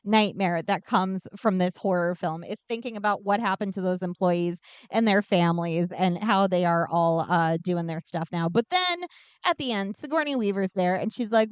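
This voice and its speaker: A woman's voice: fairly low pitch, normal speed, clear, resonant tone, no room sound. A woman podcast co-host giving a casual, sarcastic and profane movie recap.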